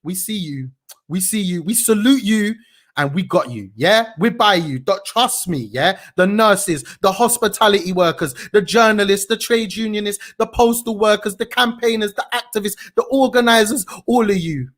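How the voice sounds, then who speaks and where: A young man hosting a news show in a casual, slangy and indignant way, with big swings in pitch. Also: animated, moderate pace, fairly bright tone. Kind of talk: casual, energetic news commentary.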